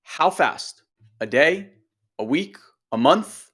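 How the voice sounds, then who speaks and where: A man's voice: a little high, lively intonation, slow, fairly bright tone, slightly rough. A male coach giving a motivational talk, emphatic and direct, peppering the audience with rhetorical questions.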